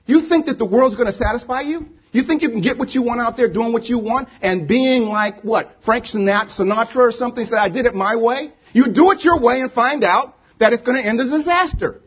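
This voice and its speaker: A man's voice: extremely high pitch, fairly quick, hardly any pauses, breathy edge, dull audio. A man preaching a sermon to a congregation, emphatic, repeating rhetorical questions. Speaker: pastor. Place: church with a congregation.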